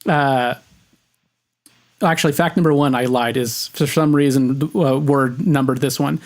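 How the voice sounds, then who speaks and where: A man's voice: medium pitch, steady tone, a little slow, very noisy. A man co-hosting a casual podcast, reading listener messages and chatting with laughs and frequent restarts. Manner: laughing, rambling, with many restarts. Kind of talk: casual chat.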